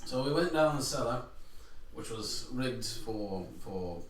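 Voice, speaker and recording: A man's voice: mid-range voice, animated, slow, crowd noise. A man recapping events as a player, hesitant, with fillers and laughter. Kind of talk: casual tabletop game chat. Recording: echoey room from far off.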